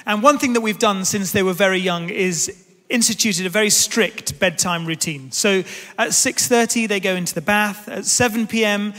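A man in his thirties giving a sermon, telling a family story as an animated, self-deprecating storyteller. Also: sits high, normal speed. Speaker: pastor. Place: large church hall. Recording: reverberant church hall.

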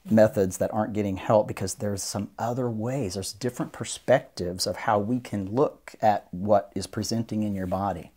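Mellow-voiced man explaining earnestly. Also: fairly low pitch. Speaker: guest doctor of Oriental medicine. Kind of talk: podcast interview, explaining.

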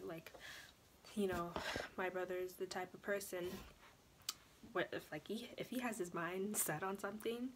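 A young woman talks straight to the camera in a casual storytelling vlog. She is chatty and animated, with lots of "like" and "you know", and her voice sits a little low. A faint hiss of background noise sits under her. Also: normal speed. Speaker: vlogger.

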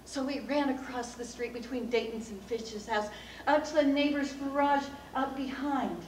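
A woman giving a speech at a speaking club, telling a childhood story in an animated way and acting out the quoted voices. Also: high voice, moderate pace. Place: meeting room of a speaking club. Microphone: distant recorder. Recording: roomy, distant room recording with background hum.

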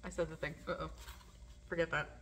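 A woman's voice: deep voice, flat delivery, a little fast, sharp tone, slight background noise. A woman chatting casually while unboxing, gushing with breathless exclamations and laughter. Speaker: vlogger. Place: living in a garage.

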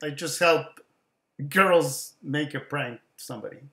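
A man's voice: fairly high pitch, a little slow, bright, forceful tone. Joking man on a roomy video call. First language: Spanish. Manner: joking, laughs often. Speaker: video chat host. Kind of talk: casual video chat.

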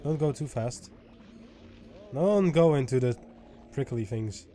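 A man giving let's play commentary who swears a lot and swings from loud frustrated yelling to low muttering. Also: lively intonation, slow, slight background noise. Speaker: gaming YouTuber.

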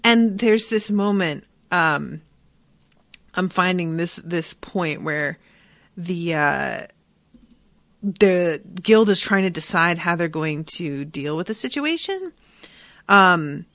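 A woman's voice: lowish voice, lively intonation, slow, pauses often, fairly bright tone, dry recording. A woman hosting a book podcast, talking casually and frankly with swearing, and reading passages aloud. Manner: frank, profane, conversational with fillers. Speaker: podcast host.

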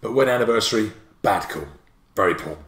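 A man giving a playful, jokey livestreamed spelling lesson, full of quick asides. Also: lowish voice, lively intonation, fairly bright tone, roomy sound. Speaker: spelling teacher.

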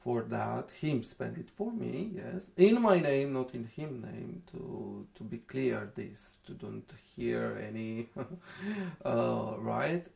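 A young man from Romania with a Romanian accent, speaking in broken English, soft and halting, as he tells a personal account in an interview. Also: medium pitch, animated, vocal fry. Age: young adult.

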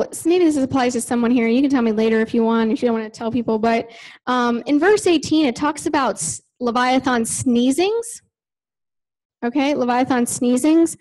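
A woman's voice: high-pitched, poor audio. A woman giving a conversational sermon in a church, chatty, with many "like" and "you know" fillers. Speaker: preacher.

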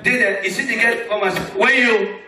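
Animated Nigerian comedian in an echoey hall. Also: male voice, a little fast, recorded from a distance. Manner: loud, animated storytelling with sudden shifts in pitch. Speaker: stand-up comedian. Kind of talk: stand-up comedy in Nigerian Pidgin. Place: large concert hall with live audience. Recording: echoey hall, mic off a bit, crowd noise.

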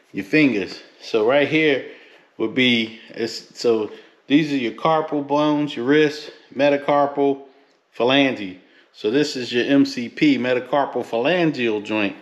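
A man's voice: mid-range voice, echoey room, lo-fi sound. A man from the Philadelphia–New York area chatting casually in an unboxing vlog, rambling and joking in slang as he reviews sneakers.

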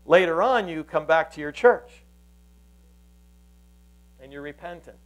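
A pastor with a fairly high voice delivers a sermon. He tells the story earnestly and keeps restarting his phrases as he goes. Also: expressive, a little slow, low-quality recording.

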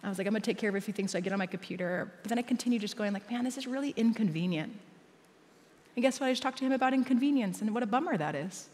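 A woman with a mid-range, darkish voice preaches in a church auditorium, speaking rapid-fire with few pauses. She tells a personal story during her sermon and laughs often. The recording carries the long reverb of a large hall.

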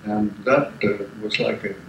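A man's voice: fairly low pitch, steady tone, unhurried, vocal fry. An older man giving an informal lecture, telling wartime stories in a rambling way with restarts and asides. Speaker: guest lecturer. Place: lecture room. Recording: echoey hall, background noise.

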